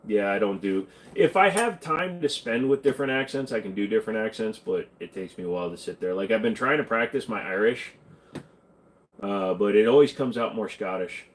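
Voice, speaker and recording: A man's voice: lowish voice, expressive, a little fast. A man hosting a casual livestream Q&A, reading chat questions aloud and answering them in a jokey, offhand way.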